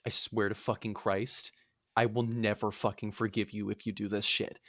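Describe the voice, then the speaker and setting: Furious queen mother, low threatening curses; man in near-own voice. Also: little pitch movement, normal speed, sharp tone, no room sound, studio quality.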